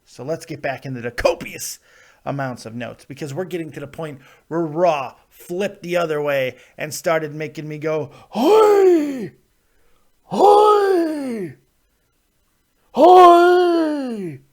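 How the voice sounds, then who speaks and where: A podcast host with a voice on the high side talks at a normal speed. On his live wrestling review show he rants, swears constantly, and laughs often, though a cold is coming on and his ears are plugged.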